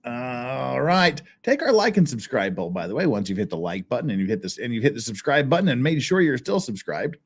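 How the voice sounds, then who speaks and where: A man's voice: mid-range voice, sing-song, fairly quick, hardly any pauses, breathy edge. A man hosting a casual livestream chat, reading viewer messages with frequent laughs, restarts and a rambling manner. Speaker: channel host.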